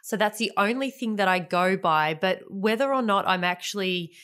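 Clear-voiced mother telling a story. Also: mid-range voice, normal speed, fairly bright tone. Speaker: podcast host. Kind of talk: casual chat.

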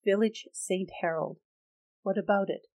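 A woman voicing a weary, wounded male vampire in an audiobook reading, speaking quietly and tersely. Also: medium pitch, steady tone, a little slow, natural voice.

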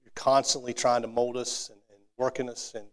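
Male co-host, average pitch, earnest, casual testimony then heartfelt prayer. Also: flat delivery, a little fast. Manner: earnest, repeats words as he restarts. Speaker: co-host who prays.

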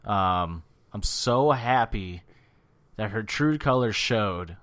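Profane, animated male podcast co-host. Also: fairly low pitch, slow pace, dry recording. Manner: profane, animated, mimics people in funny voices. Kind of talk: casual chat.

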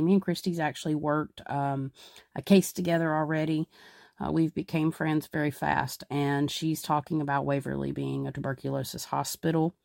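A woman hosts a podcast in a loose, rambling way, circling back on her sentences. Her voice has a gravelly fry. The sound is dry and close. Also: sits low, no room sound. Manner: rambling, many fillers and restarts. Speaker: podcast host. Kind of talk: casual podcast narration.

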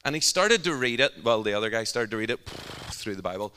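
A Northern Irish man preaching a sermon. He tells an animated, humorous story and his voice sounds bright and forceful. Long reverb from a large hall trails behind each phrase. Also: mid-range voice, quick pace, few pauses, a little hiss or hum. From Northern Ireland.

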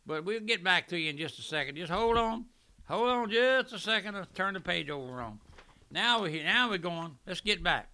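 An older man preaching a fervent radio sermon, swelling loudly at points and breaking into asides. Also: sits high, expressive, normal speed.

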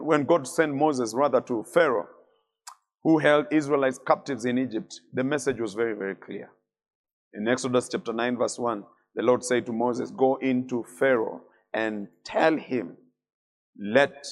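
A middle-aged man preaching a sermon as a bishop, building emphasis through repeated phrases and letting key words fall low and soft at the end.

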